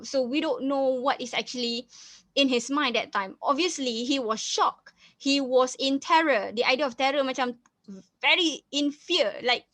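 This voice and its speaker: A woman's voice: sits high, fairly bright tone, no room sound. A woman with a Malaysian English accent, teaching a reading lesson. She often repeats herself, restarts phrases and slips into Malay. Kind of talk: reading lesson, explaining a story.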